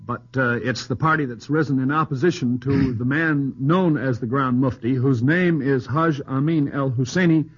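A man's voice: medium pitch, normal speed, hardly any pauses, slightly rough. A man on a radio quiz panel who gives precise, explanatory answers in a slightly dry manner. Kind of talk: knowledgeable answers on a quiz show. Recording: dull old radio broadcast.

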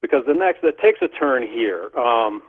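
A husky, medium-pitched voice belongs to a middle-aged interview guest telling a casual story at normal speed. His intonation is lively, he laughs frequently as he speaks, and the phone line is tinny.

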